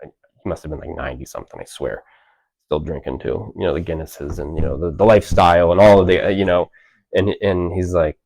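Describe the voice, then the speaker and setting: Low-voiced man, rambling and candid. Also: steady tone, a little fast, vocal fry, a little mellow, rough recording. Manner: rambling, lots of "like" and restarts. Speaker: author guest. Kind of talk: casual conversation. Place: library event.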